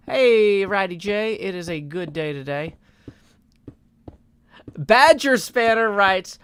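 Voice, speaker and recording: A man in his thirties chatting casually on a live game stream, scattered and quick to mock-indignant outbursts. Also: high-pitched, lively intonation, fairly bright tone, clean tone, no echo.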